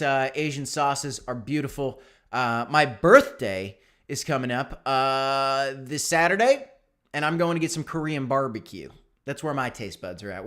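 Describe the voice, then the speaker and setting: A young man with a fairly high voice hosts a relaxed livestream. He chats in an upbeat, easygoing way, reading out viewers' comments and answering them one by one. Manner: chatty, upbeat, reads out chat names and answers them. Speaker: crypto channel host.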